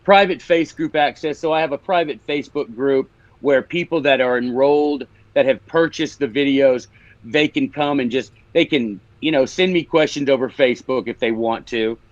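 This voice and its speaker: A man's voice: mid-range voice, moderate pace, no room sound, highs cut off. A man with a Memphis accent, a guest author explaining ideas in a casual interview, teaching and restarting as he talks.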